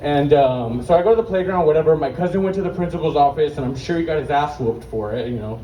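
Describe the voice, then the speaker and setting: A man's voice: a little high, fast, highs cut off. A young man telling brash, profane stand-up stories at an open mic, out of breath at times. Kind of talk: stand-up storytelling. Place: open mic stage at an outdoor market. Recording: distant echoey outdoor market recording with faint noise.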